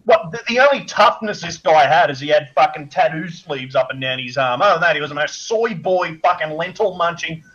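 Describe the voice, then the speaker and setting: Blunt, profane male guest with a high voice; muffled lo-fi audio. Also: lively intonation, fairly quick, few pauses, fairly bright tone, a little hiss or hum. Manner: blunt, crude, sarcastic. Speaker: podcast guest. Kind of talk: profane ranting commentary.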